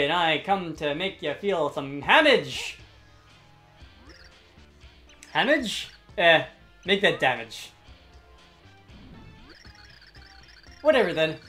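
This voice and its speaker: A gamer voicing a burly, boastful male warrior brute in a rough attempt at a Scottish accent, reading game dialogue in character. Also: medium pitch, fairly bright tone, close to an everyday voice. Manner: bellowing, gruff, boisterous.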